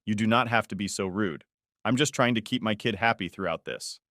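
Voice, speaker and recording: A man voicing an entitled middle-aged mother who talks down to people and turns shrill when angry. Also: fairly quick, fairly bright tone, no echo, clean studio sound. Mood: condescending.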